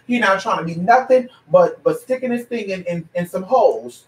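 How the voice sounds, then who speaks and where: A man's voice: high-pitched, lively intonation, normal speed, few pauses, far from the mic. A man ranting in a blunt, profane and sassy way, lecturing a listener as a paid advisor. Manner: brassy, profane, sassy and preachy. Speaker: paid advisor answering viewer questions. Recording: echoey room, away from the mic.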